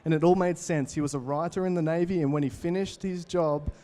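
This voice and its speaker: Energetic young Australian man speaking. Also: on the high side, brisk. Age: 20s. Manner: energetic, storytelling, addresses the crowd directly. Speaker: keynote speaker. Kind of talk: motivational talk to a live audience.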